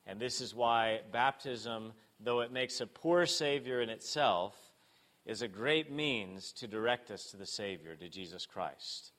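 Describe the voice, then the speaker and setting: A man preaching a sermon, asking rhetorical questions and moving between emphatic and hushed delivery. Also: fairly low pitch, measured pace. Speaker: pastor.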